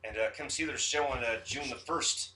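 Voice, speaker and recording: A man's voice: medium pitch, brisk, recorded from a distance, background noise. A man co-hosting a casual podcast in a home kitchen, laughing and cracking jokes. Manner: laughing, wisecracking. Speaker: guest co-host.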